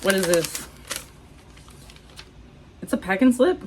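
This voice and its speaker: A woman's voice: mid-range voice, big pitch swings, takes it slowly, rough recording. Hyper young texan girl unboxing stuff, swears nonstop, squeals, faint hiss behind. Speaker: vlogger unboxing masks and merch. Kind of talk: casual unboxing vlog.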